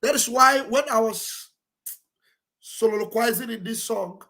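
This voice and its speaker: Fervent high-voiced Igbo-accented man. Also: measured pace, sharp tone. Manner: fervent, preacher-like, repeating phrases. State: emotional, near tears. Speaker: livestream host. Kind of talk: impassioned livestream exhortation.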